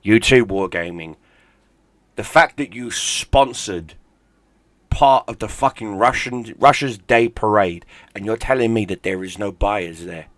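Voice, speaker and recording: A man's voice: on the low side, measured pace, a bit bright, no echo. A middle-aged man, a gaming YouTuber, in a heated, profane, sarcastic rant. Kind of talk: angry ranting commentary.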